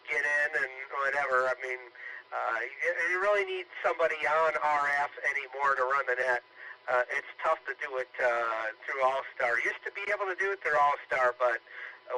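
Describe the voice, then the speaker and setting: A man's voice: mid-range voice, bright, forceful tone. A tired, winded man checking in on a ham radio net, rambling with many fillers. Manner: rambling, filler-heavy, self-deprecating. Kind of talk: casual radio chat. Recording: noisy radio transmission.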